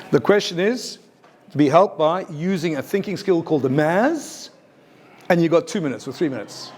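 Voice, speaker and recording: Lively man presenting a teaching workshop. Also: fairly high pitch. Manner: lively, emphatic, asks the audience questions. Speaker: teacher trainer. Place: university lecture room.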